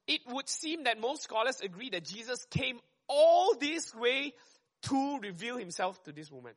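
A man preaching a sermon, talking fast and conversationally and often checking in with "right?". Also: very high voice, big pitch swings.

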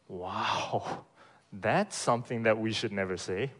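This pastor has a lowish voice and a slow pace, preaching forcefully in church with rhetorical questions and repeated "right?" check-ins. He alternates between loud, emphatic lines and quieter ones.

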